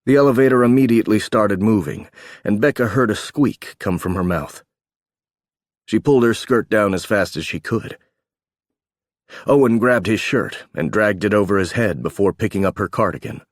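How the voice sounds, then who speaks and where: A male audiobook narrator with a low voice reads scripted narration at normal speed. The studio sound is clean, with no room sound.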